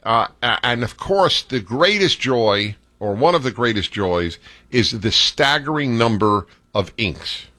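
A man's voice: medium pitch, lively intonation, a little slow, bright, forceful tone, no echo. A man hosting a call-in radio talk show, talking in a playful, theatrical, opinionated way.

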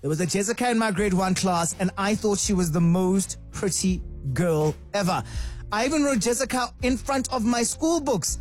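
A man hosting a radio show, reading listener messages in a lively, excitable way and laughing often. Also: high-pitched, moderate pace, faint music behind. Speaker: radio host.

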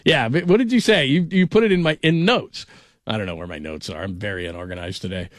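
A man's voice: medium pitch, fast, dry recording, studio quality. A man hosting a sports radio show in a casual, rambling, self-deprecating way, laughing often.

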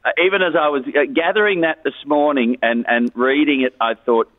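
A man's voice: on the high side, a little fast, no room sound. A man giving a chatty, gossipy entertainment report on a radio show, chuckling as he goes. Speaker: entertainment news contributor. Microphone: phone line. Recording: tinny phone line on radio.

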